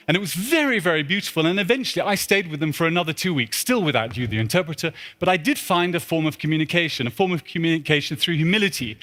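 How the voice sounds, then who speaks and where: Pushed and bright, the man's fairly high voice carries through a large church hall where he's presenting at a symposium. He tells the crowd a humorous, self-deprecating story about his travels, full of asides and repeated "sort of" fillers.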